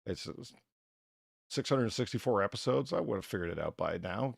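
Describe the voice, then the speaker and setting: A man's voice: fairly low pitch, animated, normal speed, gravelly, breathy edge, no echo, studio quality. A man hosting a live stream, chatting casually, swearing and mocking himself while he fixes his audio setup. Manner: self-mocking, swearing, thinking aloud while fixing tech. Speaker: podcast host and streamer.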